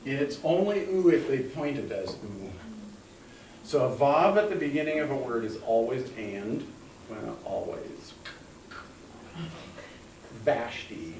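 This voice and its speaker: A man's voice: mid-range voice, very animated, slow pace, pauses often, a little mellow. Guy teaching a class, patient and step by step, roomy echo, kinda far from the mic. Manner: patient, explains step by step, calls on students. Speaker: Hebrew teacher. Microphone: room mic from a distance. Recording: echoey classroom, recorded from afar, faint hum.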